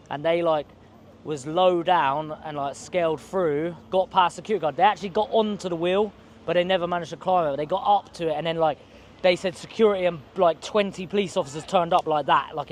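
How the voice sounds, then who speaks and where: A man's voice: a little high, slight background noise. A man, telling a rambling, slangy story to camera outdoors on a city street. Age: 20s. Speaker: vlogger.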